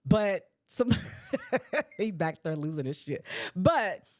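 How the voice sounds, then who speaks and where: A woman in her forties hosting a podcast, ranting at her listeners in a sassy, animated way. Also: on the low side, slow, no room sound, clean studio sound. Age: 40s. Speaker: podcast host. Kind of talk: solo podcast commentary. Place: podcast recording space.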